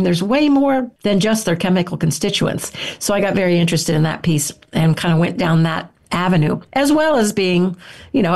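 An older woman speaks as an interview guest, her voice on the low side for a woman. She tells her stories in a loose, rambling way, full of restarts and "you know"s. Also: darkish tone. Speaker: guest herbalist and author. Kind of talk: casual storytelling interview answer.

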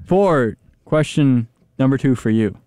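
A young man hosting a casual guessing game, asking slow deliberate questions and laughing often. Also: medium pitch, animated, mellow, smooth, dry recording. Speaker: game host. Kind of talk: game show banter.

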